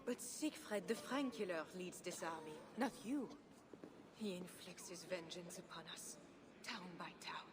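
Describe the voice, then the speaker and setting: An actress voicing a pious, grave queen in a game, who speaks in a solemn, measured way. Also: lowish voice, crowd noise, lightly acted. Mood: reproachful. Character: pious grave queen sheltering her people.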